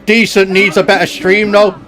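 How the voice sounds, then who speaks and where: Chatty young man, high voice. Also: flat delivery, normal speed, a bit bright. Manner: chatty, loose and joking, reads out viewer comments. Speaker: live streamer. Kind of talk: casual live-stream chat.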